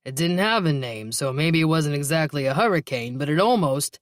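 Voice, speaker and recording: A man's voice: fairly high pitch, animated, moderate pace, dry recording, close to an everyday voice. A man voicing a teasing, easygoing male police detective partner in an audiobook, with dry humor.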